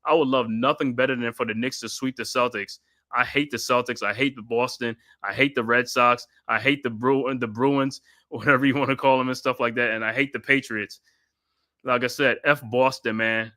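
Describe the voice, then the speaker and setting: A man from New York hosting a live stream of excited postgame fan commentary, trash-talking and constantly repeating his catchphrases. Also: medium pitch. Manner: laughs often, trash-talking rival fans. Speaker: sports live-stream host.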